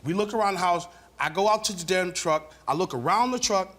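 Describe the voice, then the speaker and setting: A man's voice: high-pitched, a little fast, a bit bright. A man on a talk show stage, defensively denying an accusation over and over and swearing as he argues. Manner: defensive, repeats denials, swears. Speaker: guest. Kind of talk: heated talk-show argument. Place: TV studio stage.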